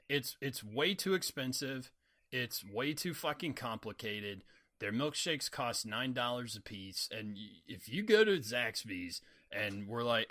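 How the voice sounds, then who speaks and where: A man co-hosting a casual podcast in a relaxed, chatty way. His voice is bright and forward. He laughs easily between points. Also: mid-range voice, a little slow. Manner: laid-back, laughs easily. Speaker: podcast co-host. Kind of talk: casual chat.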